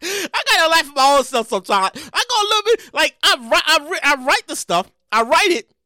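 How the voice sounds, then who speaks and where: Male podcast host: high, lively voice, rambling and profane, close and dry. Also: fairly quick, no echo. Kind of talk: casual solo commentary.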